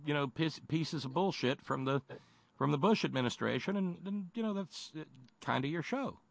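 Sardonic male radio host with halting delivery. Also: fairly high pitch, lively intonation, creaky, dry recording. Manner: halting, sardonic, lots of restarts. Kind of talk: political talk radio chat.

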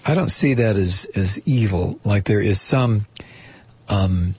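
A man with a husky, somewhat low voice hosts a talk radio show from a dry studio mic. He muses aloud haltingly, full of ums and restarts. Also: darkish tone, no room sound. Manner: halting, musing, with many fillers and restarts.

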